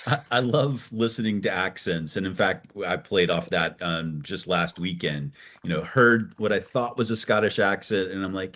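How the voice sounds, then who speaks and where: A middle-aged man co-hosting a podcast, speaking in a warm, reflective way and prompting his son with questions. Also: low voice, normal speed, hardly any pauses. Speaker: podcast co-host, father. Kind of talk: casual conversation.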